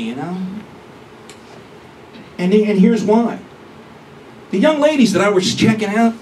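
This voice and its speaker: Guy doing stand-up, brash and crude, really high voice, mic far off with noisy room. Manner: brash, crude, punchy delivery. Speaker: stand-up comedian. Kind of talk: stand-up comedy set. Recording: distant mic with room noise.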